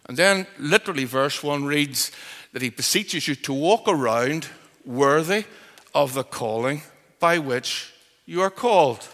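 Emphatic preacher in a reverberant hall. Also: male voice, fairly high pitch, expressive, a little slow. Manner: emphatic, pleading, with sudden loud swells and soft drops. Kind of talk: expository sermon. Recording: long reverb of a large hall.

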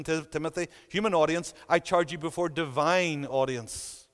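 Man preaching, high voice, earnest, emphatic repetition, echoey church hall. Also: normal speed, a bit bright. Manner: earnest, emphatic, repeats phrases for weight. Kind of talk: sermon.

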